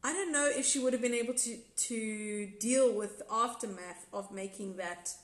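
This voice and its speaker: South African woman, fairly high voice, rambling candid recap host, roomy echo. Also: moderate pace. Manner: rambling, self-correcting, candid. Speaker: episode reviewer and former contestant. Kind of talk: casual live recap chat reading viewer comments.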